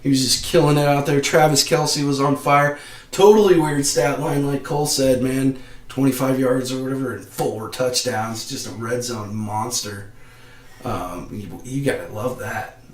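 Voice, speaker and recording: Excitable man chatting on a podcast stream. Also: medium pitch, moderate pace. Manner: excitable, laughing, slangy. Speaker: podcast host. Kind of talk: casual live-stream sports chat. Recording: roomy echo.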